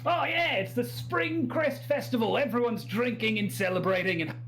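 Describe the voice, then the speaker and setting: A man with an Australian accent voicing a loud, rowdy, drunk bearded man in a tavern. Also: lively intonation, moderate pace, slight background noise, heavily acted. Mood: boisterous. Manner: loud, hollering, high-pitched.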